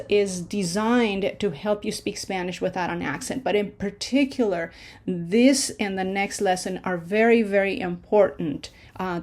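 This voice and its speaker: A woman teaching an online pronunciation lesson, patient and reassuring, slowing down to sound out words syllable by syllable. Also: medium pitch, darkish tone, a little hiss or hum. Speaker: language teacher.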